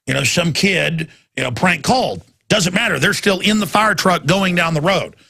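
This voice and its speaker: A man hosting a talk radio show, ranting intensely in a rambling monologue that climbs to loud, excited peaks. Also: sits high, moderate pace, vocal fry.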